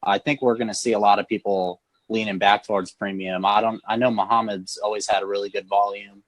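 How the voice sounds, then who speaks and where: Low-voiced man on a video call. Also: level tone, fairly quick, no room sound. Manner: hesitant, repeats words while explaining. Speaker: phone screen refurbisher guest. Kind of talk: casual live-stream chat.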